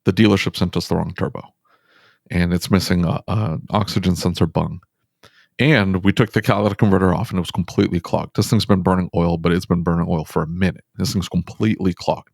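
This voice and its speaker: A man who owns a repair shop, telling a story on a podcast in an animated, emphatic way with quick bursts of speech. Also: low-pitched, gravelly, no echo, studio quality. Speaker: auto repair shop owner, podcast guest. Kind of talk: casual storytelling conversation.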